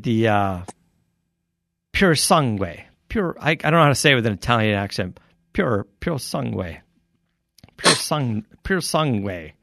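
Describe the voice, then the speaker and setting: A man co-hosting a casual podcast, telling stories in a loose, animated way, swearing and laughing often. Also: lowish voice, dry recording, studio quality. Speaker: podcast co-host. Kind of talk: casual chat.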